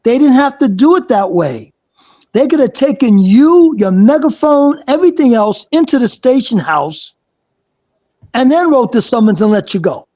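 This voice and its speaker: A former police officer now hosting a live chat, firmly setting his guest straight. His mellow, dark voice rises and falls a lot as he makes his case. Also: very high-pitched, expressive, normal speed, lo-fi sound. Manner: firm, correcting.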